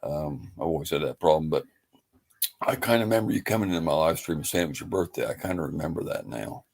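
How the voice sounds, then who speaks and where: A man's voice: extremely low pitch, animated, fast talker, creaky, a little mellow, breathy edge. A man hosting a livestream, talking in a rambling, folksy, laid-back way. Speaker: livestream host. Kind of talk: casual livestream chat.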